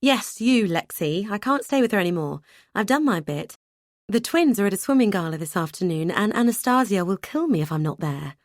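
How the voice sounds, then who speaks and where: A woman's voice: medium pitch, animated, brisk, dry recording, studio quality, close to an everyday voice. A woman voicing a brusque, dutiful adult brother who talks bluntly and matter-of-factly in an audiobook. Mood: curt.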